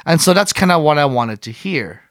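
A man's voice: a little high, lively intonation, a little fast, fairly bright tone, no echo. Rambling man, dry close sound. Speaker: podcast co-host reviewing a concert. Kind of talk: casual chat.

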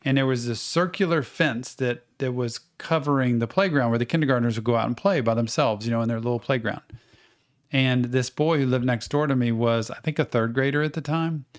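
Man, middle-aged, podcast co-host, casual storytelling, lively anecdotes, mid-range voice. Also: medium pitch, a little fast. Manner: animated anecdotes with acted-out quotes.

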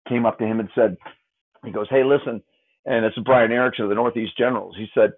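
A man's voice: medium pitch, fairly even intonation, fast. A middle-aged man, a hockey player's parent, telling a story in conversation with lots of restarts, acting out other people's lines. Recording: tinny phone-line sound.

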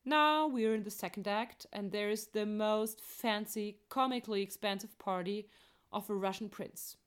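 A woman's voice: medium pitch, normal speed, clear, resonant tone. A woman narrating an operetta's plot in a chatty, playful way, with joking asides. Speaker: opera plot explainer.

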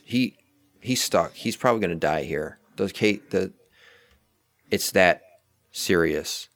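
Deep-voiced man rambling through a film breakdown. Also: expressive, slow, fairly bright tone. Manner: rambling, self-correcting, analytical. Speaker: film review co-host. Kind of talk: casual movie discussion. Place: outdoors near a street.

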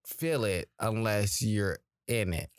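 Guy on a podcast, lowish voice, dry close sound, explains himself slowly, restarts a lot. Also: expressive, no room sound. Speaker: podcast co-host. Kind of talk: casual chat.

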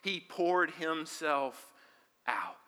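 A man delivering a sermon at a church service, his voice pitched high and ringing with a sharp, forceful edge. He drops to a hush one moment and surges to loud emphasis the next, and he calls on the congregation to answer back. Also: drawn-out words, smooth. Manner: swings from hushed near-whispers to shouted emphasis; leads the congregation in call-and-response. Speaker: pastor.

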